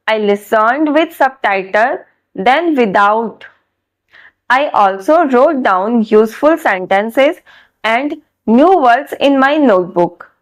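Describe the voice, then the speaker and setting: Woman doing a scripted vlog, kinda high voice, talks real slow and careful. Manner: slow and deliberate, careful pronunciation. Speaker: vlogger sharing her English learning.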